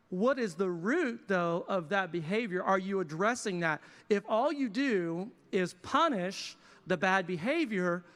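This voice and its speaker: High, bright-voiced man preaching. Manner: animated, conversational preaching with asides. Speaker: pastor. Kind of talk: sermon. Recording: reverberant church hall.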